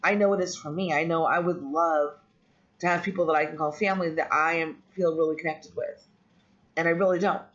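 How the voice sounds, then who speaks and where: A woman's voice: deep voice, steady tone, brisk. A woman vlogger telling a personal story in a candid, rambling way, with frequent ums and restarts. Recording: dull lo-fi audio.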